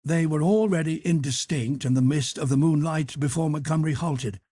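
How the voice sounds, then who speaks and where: A man narrating an audiobook in a measured, even storytelling manner. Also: on the high side. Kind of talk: scripted narration.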